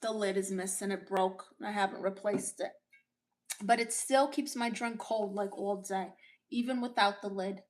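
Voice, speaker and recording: A woman's voice: medium pitch, fairly even intonation, lightly acted. A woman playing a brash, sassy Brooklyn auntie. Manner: sassy, blunt, quick retorts. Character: brash, opinionated Latina aunt giving blunt advice. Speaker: comedian hosting a livestream. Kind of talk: in-character livestream chat, reading viewer comments.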